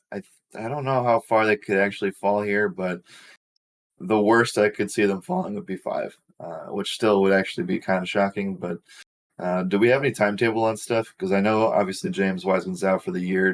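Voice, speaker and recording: Deep voiced dude ranting about a team, casual sports talk. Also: male voice, fairly even intonation, fairly quick. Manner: opinionated, builds arguments with stats. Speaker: co-host of a sports betting show.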